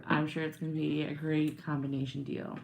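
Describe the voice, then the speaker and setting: A woman's voice: low-pitched, level tone, brisk, vocal fry, a little mellow, slight background noise. A woman co-hosting a casual wine-tasting podcast, talking in a blunt, jokey way. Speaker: podcast co-host.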